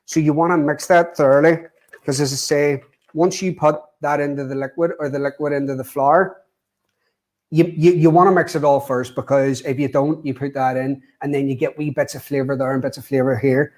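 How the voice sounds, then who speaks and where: A man's voice: fairly high pitch, fairly even intonation, fairly quick, darkish tone. A man cooking live on camera, talking viewers through a recipe in a chatty way, often saying "as I say" and "wee". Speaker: guest cook.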